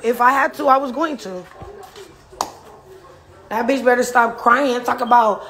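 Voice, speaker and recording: A woman's voice: high-pitched, animated, normal speed, fairly bright tone, slightly rough. A woman from a reality show speaking straight to the camera, taunting and trash-talking with heavy swearing and bursts of laughter. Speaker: reality show cast member. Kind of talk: direct-to-camera rant.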